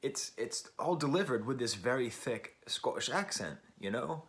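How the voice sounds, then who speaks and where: A man's voice: mid-range voice, lively intonation, normal speed, fairly bright tone. Rambling American man reviewing a record. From United States. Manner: musing, digressive, searching for words aloud. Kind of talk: casual album review.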